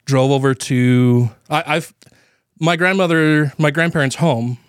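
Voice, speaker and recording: A man co-hosting a podcast, telling a personal story in casual chat, halting with fillers and nervous laughs, grief close to the surface. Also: a little high, clear, resonant tone, dry recording. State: grieving, voice near tears. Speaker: podcast co-host.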